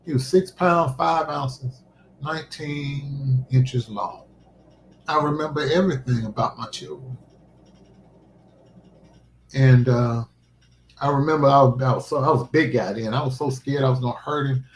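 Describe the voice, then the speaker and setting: A middle-aged man hosting a livestream, telling a personal story in a halting, emotional way. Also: mid-range voice, slight background noise. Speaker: livestream host. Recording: roomy echo.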